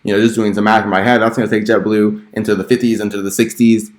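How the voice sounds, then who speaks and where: Low-voiced man explaining charts casually. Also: little pitch movement, fast talker, roomy sound. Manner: chatty, full of "you know" and "uh" fillers. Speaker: host of a stock trading channel. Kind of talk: casual chart analysis walkthrough.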